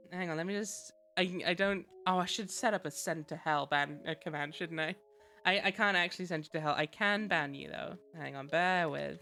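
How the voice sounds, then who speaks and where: A woman's voice: fairly low pitch, normal speed, creaky, pushed and bright, faint music behind. A woman streaming a game, chatting casually, laughing often and thanking viewers. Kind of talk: casual live-stream chat.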